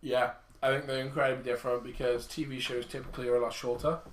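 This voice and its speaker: A man's voice: medium pitch, flat delivery, quick pace, a crowd in the background. A young man co-hosting a podcast with friends, talking in an enthusiastic, jokey way. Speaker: podcast co-host. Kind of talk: casual chat among friends. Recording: roomy.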